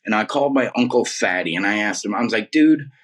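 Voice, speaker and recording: A man's voice: on the low side, quick pace, a bit bright. A man in his forties telling his story as an interview guest in a casual, emphatic way, dropping "man" and "dude" often. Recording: voice a bit far from the mic.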